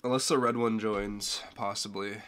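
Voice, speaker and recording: A man's voice: lowish voice, fairly even intonation, normal speed, a bit bright. A man hosting a casual live stream, joking with friends in a voice chat and reading viewer comments aloud. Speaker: streamer host.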